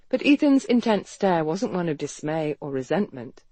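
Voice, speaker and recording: An audiobook narrator reading a period romance novel in an even storytelling manner. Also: normal speed, hardly any pauses, no echo. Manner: even storytelling read with lively pitch.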